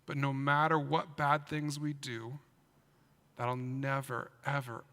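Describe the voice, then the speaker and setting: A man, a pastor, giving an animated children's sermon in a church and asking his listeners questions as he tells the story. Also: mid-range voice, slow pace, long reverb tail. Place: church sanctuary.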